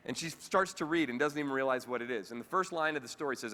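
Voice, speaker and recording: Guy telling a heartfelt story on stage, forceful bright voice, big echoey hall. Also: on the high side, racing, hardly any pauses. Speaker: keynote speaker. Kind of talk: storytelling keynote speech. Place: large convention hall, on stage.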